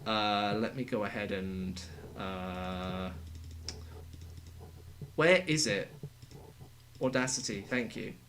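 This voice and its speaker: A young man gives casual developer commentary at his home setup. His voice is gravelly and his pace unhurried. He restarts sentences often and fills gaps with relaxed ums and uhs. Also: fairly low pitch, a little hiss or hum. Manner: halting, relaxed, with fillers and restarts. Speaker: game voice actor and sound editor.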